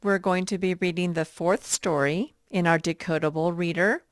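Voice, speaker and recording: A woman teacher leading an early reading lesson for young children, patient and repeating words slowly. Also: fairly low pitch, steady tone, no room sound, clean studio sound.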